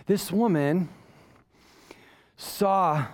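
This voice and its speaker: A pastor telling a self-mocking story in a sermon, animated and often asking "right?". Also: male voice, sits high, normal speed. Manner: self-mocking, waves arms while talking.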